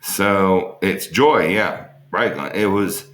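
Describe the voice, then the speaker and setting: A man's voice: low voice, lively intonation, slow pace, a bit bright, roomy sound. A man being interviewed, telling rambling, joking stories in a casual way and swearing freely. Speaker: interview guest. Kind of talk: casual storytelling on an online interview.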